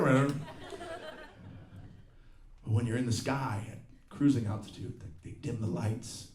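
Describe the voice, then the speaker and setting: A man's voice: mid-range voice, level tone, moderate pace. A middle-aged man doing a profane, ranting stand-up comedy set, acting out other people's lines, recorded live in a comedy venue. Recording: roomy live venue with crowd laughter.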